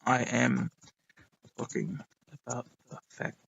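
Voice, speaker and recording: A young man recapping a wrestling show in a rambling, excitable way, with lots of ums and some swearing. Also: medium pitch, slow pace, creaky, highs cut off, slight background noise. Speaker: wrestling reviewer. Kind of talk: casual recap monologue.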